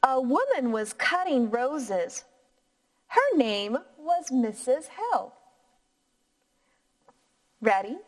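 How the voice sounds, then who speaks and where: A woman teacher reading a picture book aloud to young children in a clear, encouraging voice. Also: sits high, big pitch swings. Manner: slow, clear, encouraging teacher voice with sing-song inflection.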